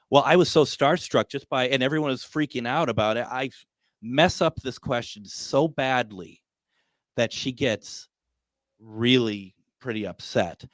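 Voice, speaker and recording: Guy hosting a live talk show, tells stories all animated, does little voices for his own quotes, lots of ums, dry close sound. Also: medium pitch, measured pace, no echo. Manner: animated storyteller, acts out his own quotes, many fillers. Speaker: radio show host.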